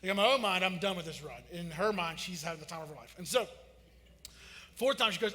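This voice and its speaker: A man, preaching and telling a story, acting out quotes with big swings in loudness. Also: sits high, fast. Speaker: pastor. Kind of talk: sermon storytelling. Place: church auditorium. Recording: church hall reverb.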